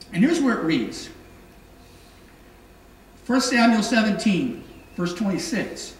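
Male preacher, unhurried, lively storytelling delivery; distant noisy mic in a reverberant room. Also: high-pitched. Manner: lively storytelling, acting out quoted voices. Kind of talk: sermon. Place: church sanctuary. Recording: echoey hall from far off, noisy.

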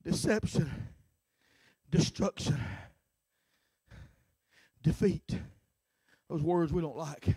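A middle-aged man preaching a sermon as pastor, starting lines with a filler "uh" and swinging from shouts to hushed talk. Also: fairly high pitch, takes it slowly, long pauses, husky, no echo. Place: church sanctuary.

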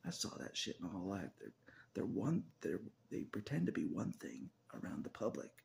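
A man's voice: deep voice, wildly swooping pitch, moderate pace, creaky, darkish tone, slight background noise. A man talking in a casual confessional vlog monologue, laughing often, swearing, and sometimes dropping into a whisper. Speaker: video blogger.

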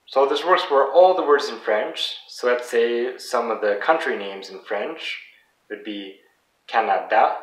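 Man teaching French, roomy distant sound. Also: medium pitch. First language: English. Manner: patient, repeats example words slowly. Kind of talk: casual video lesson.

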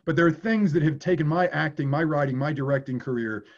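A man's voice: a little high, a little fast, lo-fi sound. A man working as an acting coach, answering viewer questions in a candid way and swearing casually.

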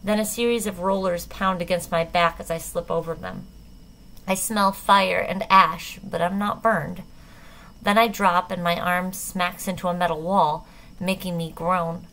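A woman narrating a novel in the first person, measured and tense. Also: on the low side, steady tone, fairly bright tone, rough recording. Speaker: audiobook narrator.

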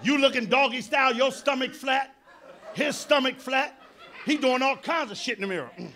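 A middle-aged man with a New York accent doing a live stand-up set, loud and brash, dropping to mutters and then bursting into shouts. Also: extremely high pitch, normal speed. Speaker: stand-up comedian. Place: live theater stage.

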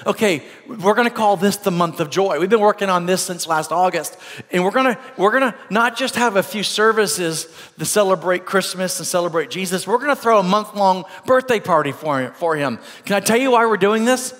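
A man's voice: high-pitched, fairly bright tone, in a large hall. A man with an American accent preaching a sermon as pastor, telling a story earnestly with repeated phrases. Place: church sanctuary.

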